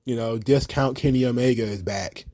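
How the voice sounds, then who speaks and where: A man talks through wrestling news in a loose, opinionated monologue, cursing freely and hedging with ums and you-knows. His voice sits at an ordinary middle pitch. The sound is dry and close, with no room echo. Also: moderate pace, dark tone. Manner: blunt, profane, rambling with fillers. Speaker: wrestling commentary host. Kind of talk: casual opinionated commentary.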